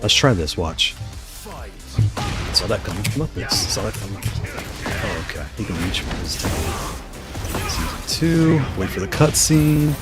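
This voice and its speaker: A man with a fairly low voice that swings widely in pitch, calling out his own moves as he plays. He trash-talks his opponent in an excitable play-by-play way. Game music plays loudly behind him. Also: unhurried, long pauses. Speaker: gaming channel host. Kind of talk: live gameplay commentary. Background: fighting game music and sounds.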